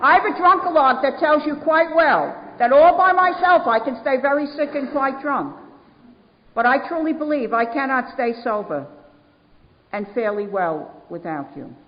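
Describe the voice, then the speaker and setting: A New woman with a fairly high voice tells her recovery story to a meeting. She leans hard on repeated words for emphasis. The recording is dull and lo-fi, with a long hall echo. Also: lively intonation, moderate pace, slight background noise. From New York. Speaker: AA speaker.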